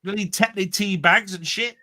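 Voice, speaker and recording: A man's voice: high-pitched, fairly even intonation, normal speed, sharp tone, no echo, studio quality. A man co-hosting a live stream, teasing and mock-ranting with plenty of swearing. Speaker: co-host.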